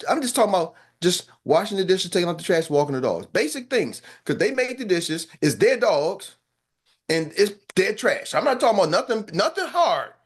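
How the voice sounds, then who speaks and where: A man's voice: sits high, sing-song, normal speed, husky. Blunt, emphatic male business coach. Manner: repeats phrases for emphasis. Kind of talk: motivational talk.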